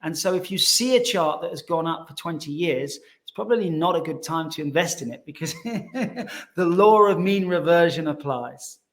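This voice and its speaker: A man's voice: on the high side, expressive, normal speed, a bit bright. A man from South Africa, a podcast guest and financial expert, explaining in casual chat, repeating words and chuckling as he goes.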